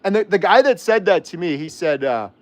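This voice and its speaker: A man's voice: high voice, expressive, brisk, dry recording. A man hosting a livestream, arguing heatedly and firing off rhetorical questions while reading viewer comments. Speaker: host. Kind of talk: livestream chat and rant.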